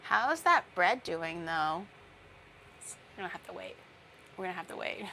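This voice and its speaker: A woman's voice: on the low side, expressive, unhurried, creaky, bright, forceful tone, a little hiss or hum. A young woman streaming as a VTuber, chatting casually while she bakes at home, rambling through playful tangents with lots of fillers. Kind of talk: casual livestream chat while baking.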